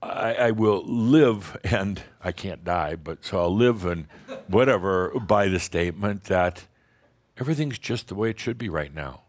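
A man's voice: low voice, animated, unhurried. A man giving a rambling, playful spiritual talk to a live group, often chuckling and restarting his sentences. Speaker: spiritual teacher addressing an audience.

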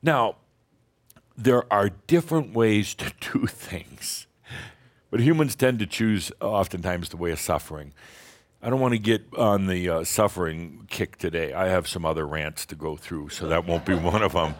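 Deep-voiced man giving a playful spiritual talk. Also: normal speed. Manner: rambling, playful, chuckles often, many restarts. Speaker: spiritual teacher addressing an audience. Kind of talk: channeled spiritual talk to a live group.

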